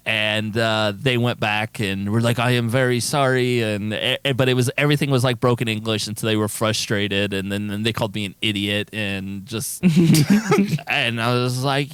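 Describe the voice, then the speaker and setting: A man's voice: lowish voice, normal speed, a bit bright, smooth, dry recording. A man co-hosting a casual comedy podcast who tells rambling, profane stories and laughs partway through his sentences. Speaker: podcast co-host.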